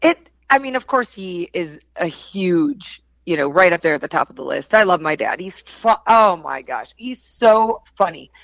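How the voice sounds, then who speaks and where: A woman's voice: lowish voice, animated, moderate pace, gravelly, few pauses, fairly bright tone, no echo, low-quality recording. A middle-aged woman from Wisconsin with a Wisconsin accent, a podcast guest chatting casually and animatedly, laughing often. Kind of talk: casual chat.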